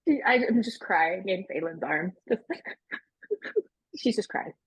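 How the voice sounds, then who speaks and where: Husky woman rambling through her turn. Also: medium pitch, sing-song, no room sound, rough recording. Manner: rushed, rambling. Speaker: player. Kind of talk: casual tabletop game play.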